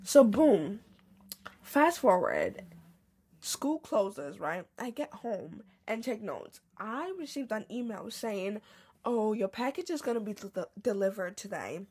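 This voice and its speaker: A woman's voice: mid-range voice, very animated, takes it slowly, a little mellow, husky. A young woman hosting a podcast, telling a casual storytime rant with slang and swearing. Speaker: podcast host.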